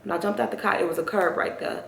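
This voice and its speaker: Talking fast in a creaky, slightly bright medium-pitched voice, a young woman vlogs a personal story and rambles while addressing her viewers head-on. Her recording is roomy and echoey, with a little background noise.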